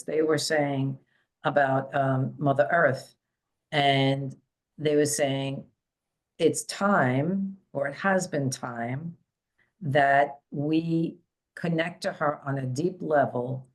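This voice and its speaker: A woman hosting a spiritual podcast as a psychic medium, talking casually with many fillers and restarts. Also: low voice.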